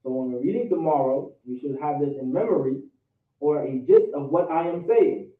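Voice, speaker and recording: Over tinny, echoey, distant call audio, an American-accented man leads an online class, repeating each word over and over to drill vocabulary and pronunciation. His pitch is fairly high and his pace moderate.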